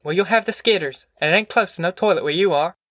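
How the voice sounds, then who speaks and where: A man's voice: sits high, quick pace, fairly bright tone, no echo, clean studio sound, pitched above the performer's own voice. Male reader as an earnest mother, firm and tender, slightly raised voice. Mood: earnest coaxing. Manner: earnest, plain-spoken. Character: stout hardworking mother, firm but tender.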